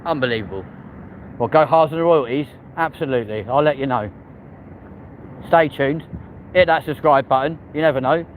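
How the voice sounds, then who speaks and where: A man from England with a London accent walks city streets on a live stream, cheekily chatting with viewers and swearing freely. His voice is fairly high and moderately paced with long pauses. The phone-quality audio carries a little hiss or hum.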